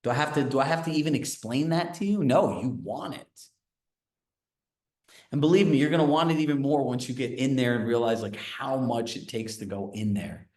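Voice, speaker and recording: Animated male sales coach in an echoey room. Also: medium pitch, a little fast. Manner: animated, storytelling, asks the audience questions. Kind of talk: training session talk. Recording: roomy echo.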